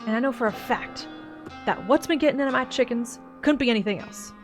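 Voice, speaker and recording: A woman voicing a stubborn, gruff old backwoods man with a put-on Southern accent in a voiced-over game, with folksy, grumbling speech. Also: fairly high pitch, brisk, soft background music, voice pushed up, close to an everyday voice. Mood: insistent. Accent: put-on generic Southern US.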